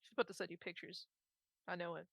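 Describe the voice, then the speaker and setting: A woman's voice: lowish voice, flat delivery, fast, gravelly, fairly bright tone, breathy edge, dry recording, clean studio sound. A woman co-hosting a game stream, chatting casually and telling rambling, giggly stories. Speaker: streamer co-host. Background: game music.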